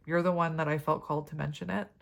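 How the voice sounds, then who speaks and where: A woman's voice: low voice, fairly even intonation, fast talker, vocal fry, slight background noise. A woman giving a tarot reading to camera, chatty and rambling, with many fillers and side stories. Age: adult parent. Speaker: tarot reader.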